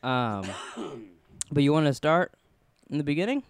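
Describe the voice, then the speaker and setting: A man's voice: a little high, big pitch swings, unhurried, clean tone, no room sound. A man co-hosting a podcast in casual chat, rambling and laughing often at himself. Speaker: podcast co-host.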